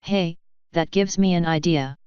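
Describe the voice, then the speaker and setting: A cheeky, playful young female pony chatters in a clear, low voice, as a woman reads her aloud. It is a dry, slightly muffled storybook reading. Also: measured pace, dry recording, lightly acted.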